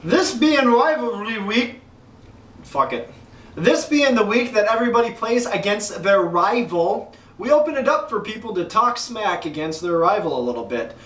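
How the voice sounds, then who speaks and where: A man hosting a mock press conference, reading league news in a crude, deadpan announcer style. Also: high-pitched, normal speed, distant mic. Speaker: league commissioner host. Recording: echoey room, voice off-mic.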